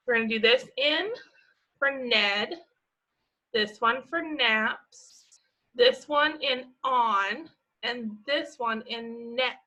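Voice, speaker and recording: A woman's voice: fairly high pitch, takes it slowly, pushed and bright, low-quality recording. A woman teaching young children, walking through a worksheet patiently with a sing-song, encouraging manner. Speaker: preschool teacher.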